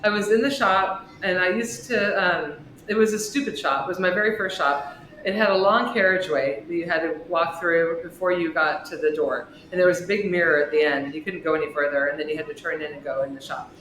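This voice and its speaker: A woman guest on a podcast, an author and shop owner, telling a personal story with big swings in pitch and volume. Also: brisk. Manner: expressive storyteller with wide swings in pitch and loudness. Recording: echoey room with faint noise.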